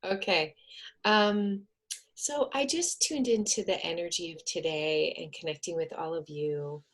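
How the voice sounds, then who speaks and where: A woman on a video call, talking earnestly and then coaching a group through slow counted breathing. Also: lowish voice. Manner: soft, earnest, counts slowly. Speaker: wellness speaker.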